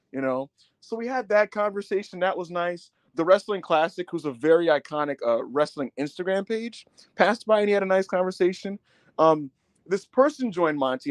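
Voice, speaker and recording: A man with a high, lively voice recaps a wild online event for his podcast co-hosts. He acts out other people's lines in quick bursts. The mic is close and dry. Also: no room sound. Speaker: podcast co-host. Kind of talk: excited storytelling recap.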